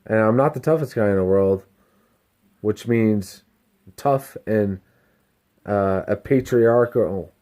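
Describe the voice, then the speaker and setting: A delivery driver talking casually to camera, candid and self-reflective, rambling and swearing freely. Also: male voice, lowish voice, slow, long pauses, dark tone. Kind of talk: casual self-help vlog monologue.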